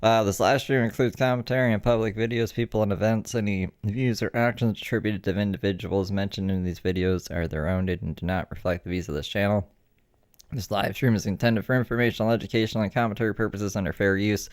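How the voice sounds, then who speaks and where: A man's voice: on the low side, fairly even intonation, fast, no echo, clean studio sound. A man hosting a live stream, chatting casually and joking to himself as he clicks through videos. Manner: chatty, jokey, talks to himself while clicking around.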